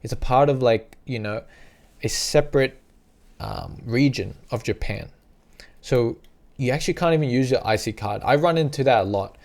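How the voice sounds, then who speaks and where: A man casually giving travel advice to the camera, chatty and repetitive, now and then acting out little scenes in a higher voice. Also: moderate pace, a little mellow. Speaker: travel vlogger.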